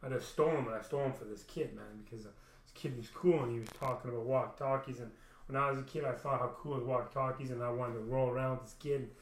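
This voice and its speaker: A man's voice: medium pitch, fairly even intonation, quick pace. A young man casually telling a long personal story, rambling with many restarts and frequent swearing. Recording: roomy echo.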